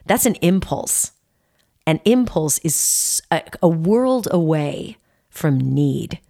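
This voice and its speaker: Low-voiced woman in her forties, coaching. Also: sing-song, vocal fry, mellow. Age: 40s. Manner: earnest, playful, drawn-out emphasis. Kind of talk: motivational self-help talk.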